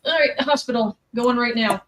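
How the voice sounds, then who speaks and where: Woman player, slightly high voice, casual playful talk at the table. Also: fairly quick, low-quality recording. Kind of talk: playing a tabletop game.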